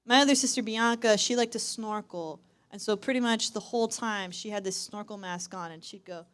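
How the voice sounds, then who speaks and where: A woman's voice: fairly high pitch, moderate pace, hardly any pauses, fairly bright tone, smooth. A young woman performing wry, self-deprecating stand-up storytelling on a university stage. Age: young adult. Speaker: student performer.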